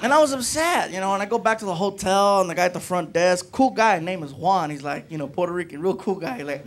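A male comedian tells a story with an animated, conversational delivery. His voice sits high for a man. Clear noise runs under the recording. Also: fast talker, hardly any pauses. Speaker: stand-up comedian. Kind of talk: stand-up storytelling.

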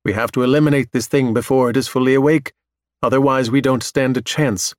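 A man's voice: medium pitch, fairly even intonation, fairly quick, dry recording, close to an everyday voice. A man voicing a menacing four-legged male robot that presses and threatens, in a dry recording. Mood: cold, pushy. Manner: insistent, threatening.

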